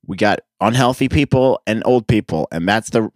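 A young male podcast host delivers a casual rant that is profane, sarcastic, and rambling. His voice is lowish and his speed normal, captured in studio quality with no echo.

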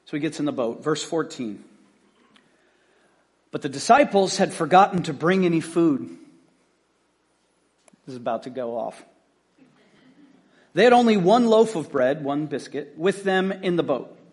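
A man pastor preaching a conversational sermon, telling the story in an animated, casual way. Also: fairly high pitch, a little slow, pauses often.

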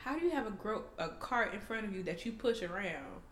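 A woman co-hosting a casual chat, telling a profane, animated story and acting out the people in it. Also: mid-range voice, brisk, reverberant. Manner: animated, profane, acts out people in her stories.

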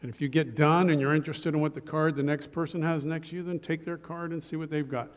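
A male pastor giving a sermon to his congregation, relaxed and joking in asides. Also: on the high side, quick pace, big-room sound. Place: church sanctuary.

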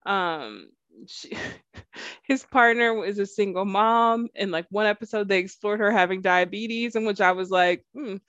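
A woman's voice: mid-range voice, unhurried, a bit bright, no room sound, muffled recording. Chatty woman podcast co-host, dry sound. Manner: chatty, laughs often, acts out quotes. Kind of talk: casual chat.

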